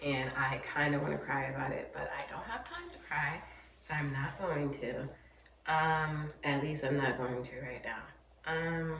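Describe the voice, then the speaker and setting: A woman sewing on camera, talking through her doubts in a low, slow voice that sometimes sinks to a mutter. She sits back from the microphone in an echoey room. A faint hiss runs beneath her words. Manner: self-doubting, talking to herself, drifting into quiet mutters. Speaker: sewing vlogger. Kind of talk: casual vlog narration while working. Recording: roomy, from a distance, faint noise.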